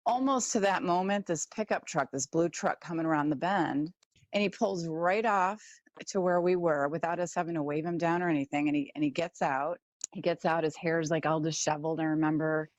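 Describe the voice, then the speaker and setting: A woman guest telling personal stories in an animated way, acting out the voices she quotes. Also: low voice, fairly quick, no room sound. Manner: animated, acts out quoted voices, laughs often. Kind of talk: personal storytelling.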